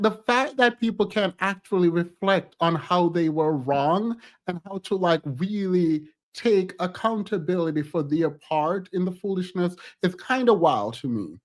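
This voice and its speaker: A man streaming a casual reaction to a reality show, talking in a sassy, emphatic way and laughing often. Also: sits high.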